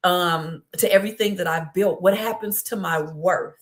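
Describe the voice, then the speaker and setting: A woman's voice: on the low side, moderate pace. A middle-aged woman, a guest speaker, telling her story in an interview with heartfelt, building energy. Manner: heartfelt storytelling, rising with excitement. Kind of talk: conversational interview.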